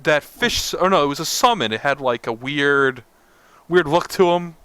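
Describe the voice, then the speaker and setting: Young guy cohosting a gaming podcast, bright crisp voice, rambly and relaxed. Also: fairly high pitch, moderate pace, no echo. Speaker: podcast co-host. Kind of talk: casual gaming chat.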